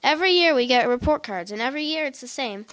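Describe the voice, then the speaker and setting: A woman's voice: high-pitched, expressive, fast talker, a bit bright. A woman reading the part of a scheming, provoking teenage girl twin in a story. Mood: upset. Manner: sly, provoking.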